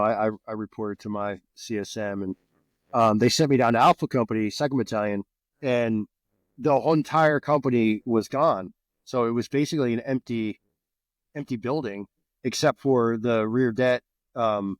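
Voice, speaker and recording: A man in his forties from New Jersey, a podcast guest telling stories in a casual, animated way and swearing freely. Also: fairly low pitch, no room sound. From New Jersey, USA. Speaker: podcast guest, former soldier. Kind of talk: casual storytelling.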